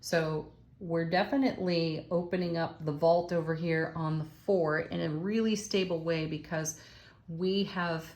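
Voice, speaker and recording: A woman's voice: sits low, steady tone, measured pace, darkish tone. A woman giving a spiritual tarot reading, enthusiastic and affirming as she exclaims over the cards. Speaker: tarot reader.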